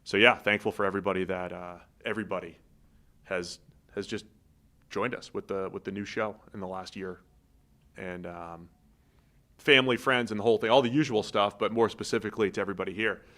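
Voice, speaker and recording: A man's voice: fairly low pitch, brisk, sharp tone. A man co-hosting a sports podcast in casual, joking chat, rambling with restarts. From Massachusetts. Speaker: podcast co-host. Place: podcast studio.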